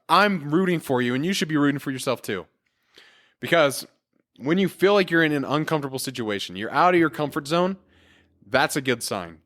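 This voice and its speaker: A man's voice: mid-range voice, a bit bright. Earnest man hosting a motivational podcast. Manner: earnest, encouraging, casual with fillers. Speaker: podcast host. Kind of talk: solo motivational podcast talk.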